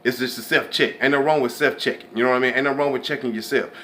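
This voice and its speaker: Bright-voiced man giving a preachy pep talk. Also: fairly even intonation, quick pace, a little hiss or hum. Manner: preachy, conversational, drops to a low hush for imagined inner thoughts. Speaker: host. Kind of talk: motivational faith talk.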